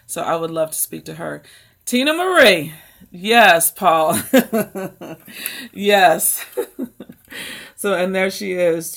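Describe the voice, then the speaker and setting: An American woman hosting a live book stream, chatting casually and rambling to her viewers. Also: fairly low pitch. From United States. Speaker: book channel host.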